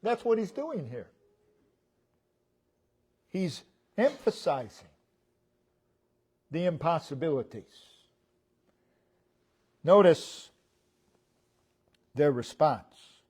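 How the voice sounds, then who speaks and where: A man preaching a sermon as pastor, stressing single words and swinging between loud and soft. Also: on the high side, big pitch swings, extremely slow, long pauses, slightly rough. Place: church sanctuary.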